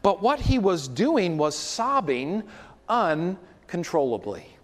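A man's voice: high voice, sing-song, slow pace, long reverb tail. A man preaching a sermon as pastor, in a conversational way with frequent asides to the congregation.

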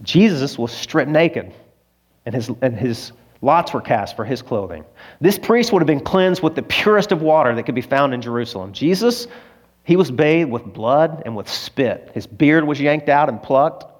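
A man preaching a sermon as a pastor. His delivery swings between loud emphasis and hushed, low moments, and he is emotional, close to tears. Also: animated, moderate pace.

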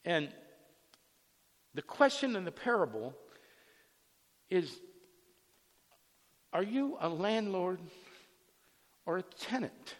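A man preaching a sermon as a pastor, telling a personal anecdote in a lively, animated storytelling manner. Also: high voice, slow, long pauses, big-room sound.

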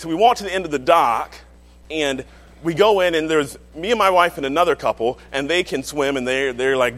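A male pastor telling a humorous personal story in a sermon, animated and often laughing as he talks. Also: on the high side, big-room sound.

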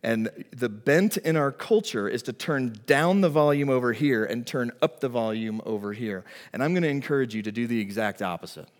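Pastor preaching in a reverberant hall. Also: male voice, mid-range voice, normal speed, few pauses. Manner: storytelling, animated and emphatic. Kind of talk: sermon.

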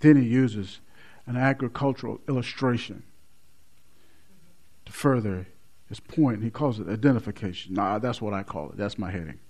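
A man preaching a sermon, swinging between loud emphatic lines and low, quiet stresses, repeating key words for weight. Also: moderate pace, long pauses.

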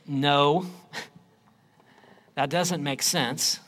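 A preacher man delivers his sermon at an unhurried, deliberate pace, his voice sitting a little high for a man. He leans hard on key phrases, then drops to something low and quiet. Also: steady tone. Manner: emphatic preaching, swings between loud declarations and low quiet phrases. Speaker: pastor.

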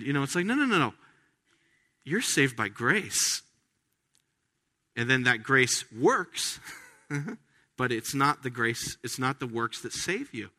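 Bright-voiced man preaching a sermon. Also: fairly high pitch. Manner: earnest, conversational preaching with frequent restarts; slows down to stress key phrases. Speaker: pastor.

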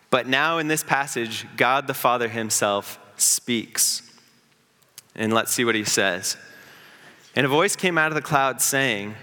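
Bright-voiced man preaching in a hall. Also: mid-range voice. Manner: earnest preaching, builds up and slows for emphasis. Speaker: pastor. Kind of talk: sermon.

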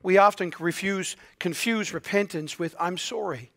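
A male pastor preaching a sermon earnestly, often dropping to a hushed, quiet delivery. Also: high voice, normal speed, creaky.

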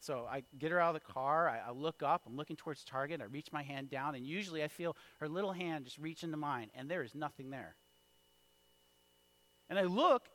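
Male pastor, 30s, fairly high voice, sermon storytelling, drops to a hush and then builds loud. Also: dry recording. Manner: storytelling with wide swings in loudness, from hushed to shouted.

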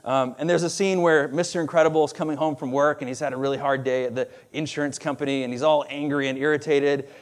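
A man preaching a sermon in a conversational, animated way, with asides and laughs. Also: on the high side. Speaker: pastor.

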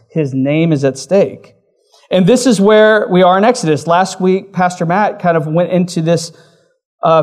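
A man preaching a sermon in a relaxed, conversational way, with frequent fillers like "like". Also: on the high side. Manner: conversational, uses many fillers. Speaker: pastor.

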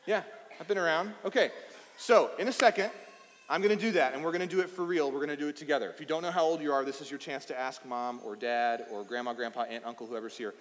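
A man's voice: a little high, steady tone, fast talker, a little hiss or hum. A man in his thirties from East Texas, preaching a casual, playful sermon and talking with the children in the congregation. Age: 30s. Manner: playful and chatty, addressing children. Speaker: pastor. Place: church sanctuary. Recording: reverberant hall.

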